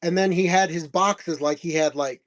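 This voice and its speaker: Middle-aged guy, stream host, loose chatty storyteller, slightly high voice, chuckles a lot. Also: steady tone, moderate pace. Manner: rambling, chuckling, acts out quoted dialogue. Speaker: host of a comics selling stream. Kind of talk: casual storytelling.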